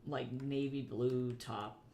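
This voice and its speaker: Young male artist-streamer, casual chatter, gravelly tone. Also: mid-range voice, fairly even intonation, slow, dark tone, slight background noise. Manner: chatty, thinks aloud, answers chat. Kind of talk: casual livestream chat while drawing.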